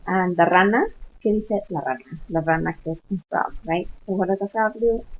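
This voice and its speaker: A woman's voice: on the low side, a little fast. A woman Spanish instructor patiently walking students through online coursework, mixing English with Spanish words. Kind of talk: screen-share walkthrough of online coursework. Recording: tinny phone-like lo-fi audio.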